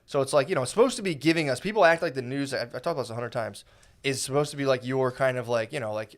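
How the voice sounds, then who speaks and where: A man's voice: mid-range voice, very fast. Rambling, swearing male podcast co-host. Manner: rambling, profane, lots of fillers and mock quotes. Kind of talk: casual chat.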